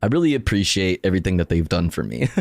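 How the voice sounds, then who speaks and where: A man's voice: low voice, animated, fast, darkish tone, dry recording, soft background music. A man streaming live, reacting to donations with profane jokes and frequent laughter. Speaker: livestreamer. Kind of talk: casual stream commentary.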